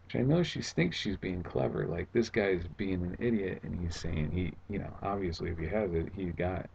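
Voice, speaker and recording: A man with a low, gravelly voice tells a story in a casual vlog from home, sarcastic and exasperated as he recounts the tale. The sound is dull and lo-fi, with a faint hum underneath. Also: normal speed, darkish tone. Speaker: vlogger. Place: at home indoors.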